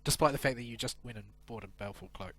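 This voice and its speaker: Brief: man, mid-pitched, sardonic gamer on a headset, dry wit. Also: very fast, fairly bright tone. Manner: dry, sarcastic grumbling. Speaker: gamer on voice chat. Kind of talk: casual gaming chat.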